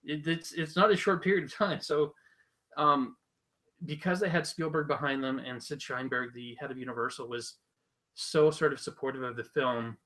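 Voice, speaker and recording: A man's voice: medium pitch, normal speed, rough recording. A man co-hosting a casual podcast, telling a story and acting out the quotes with energy. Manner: animated storytelling, acts out quotes. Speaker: podcast co-host. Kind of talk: casual chat. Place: small room, live podcast.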